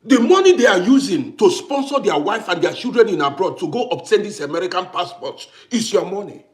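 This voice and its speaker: A man's voice: sits high, sing-song, brisk. A man from Africa delivering an impassioned monologue to camera, ranting and firing off rhetorical questions while repeating himself for emphasis. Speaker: vlogger.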